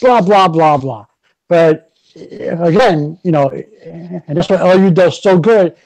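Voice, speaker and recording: A man with a notably high voice hosting a loose podcast conversation. He talks excitedly, piling on "you know" fillers. The sound is close and dry, with no room echo. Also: slow pace, creaky. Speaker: podcast host. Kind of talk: casual podcast chat.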